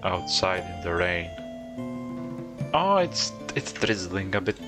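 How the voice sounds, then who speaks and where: Man, deep voice, unhurried, playful let's-play chatter, game music playing behind. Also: very animated. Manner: teasing, coaxing his game characters aloud. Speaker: gamer commentating his own play. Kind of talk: casual let's-play commentary.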